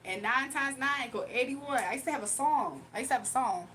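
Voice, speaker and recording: High-voiced woman hosting a casual livestream. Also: brisk, bright, forceful tone, slight background noise. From Virginia, USA. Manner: playful teasing, laughs often. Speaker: livestream host. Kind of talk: casual live-stream chat reading comments.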